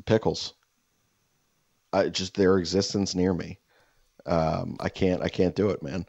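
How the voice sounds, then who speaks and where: A man's voice: low-pitched, little pitch movement, measured pace, vocal fry, darkish tone, no echo, lo-fi sound. A man co-hosting a podcast, telling crude stories in casual chat and cursing freely. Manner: crude, joking storyteller who curses freely. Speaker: podcast co-host.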